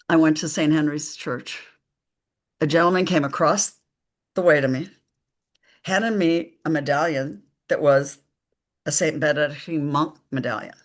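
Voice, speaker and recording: A woman, a psychic medium guest, telling stories slowly and emphatically in a live conversation, acting out the dialogue. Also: low-pitched. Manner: slow, emphatic storytelling with quoted dialogue.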